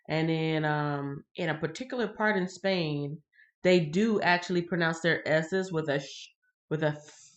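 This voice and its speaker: A woman reading the Bible on a livestream and chatting with viewers in a casual, animated way. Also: low voice. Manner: chatty, addresses viewers directly; animated, laughs and greets viewers. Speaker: livestream host.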